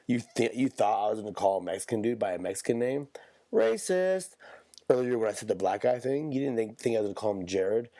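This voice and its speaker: A man's voice: fairly low pitch, quick pace, hardly any pauses, warm tone, no room sound. A man hosting a podcast, talking in a rambling, profane, off-the-cuff comedic monologue. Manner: rambling, profane, self-interrupting. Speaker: podcast host.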